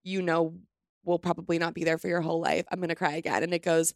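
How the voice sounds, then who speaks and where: A woman's voice: on the low side, flat delivery, fast, no room sound, clean studio sound. A young woman co-hosting a casual podcast, talking in a gushing, rambling way and filling her speech with "like.". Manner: gushing, rambling, heavy use of "like". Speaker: podcast co-host.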